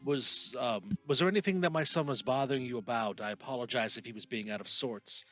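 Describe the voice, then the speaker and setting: A man voicing a formal, polite gentleman father with courteous manners. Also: mid-range voice, a little fast, soft background music, lightly acted.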